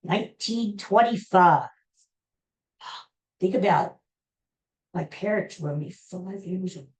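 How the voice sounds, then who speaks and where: A woman's voice: on the low side, takes it slowly, a little mellow. An older woman hosting a podcast, chatting in a rambling way and repeating herself. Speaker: podcast host. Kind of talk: casual chat.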